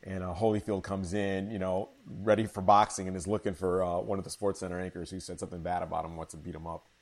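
A man from Chicago who works as a sports broadcaster, telling stories in a casual interview, animated, with many fillers and restarts. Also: low-pitched, quick pace.

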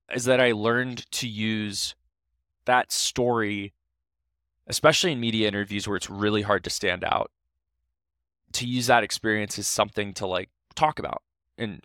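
A young man from Ohio, a podcast guest, telling a story in casual, animated talk full of restarts. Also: on the low side, no echo, studio quality.

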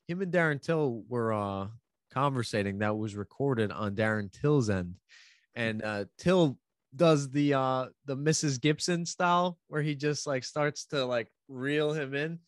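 A man, chatting casually and telling animated gossip stories. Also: medium pitch, unhurried, no room sound, clean studio sound. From New York, USA. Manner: animated storyteller, mimics other people's voices. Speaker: podcast guest telling stories. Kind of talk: casual chat.

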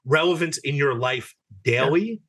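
A man's voice: mid-range voice, animated, a little slow, a bit bright, breathy edge. Eager man hosting a podcast. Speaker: podcast host. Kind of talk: casual chat.

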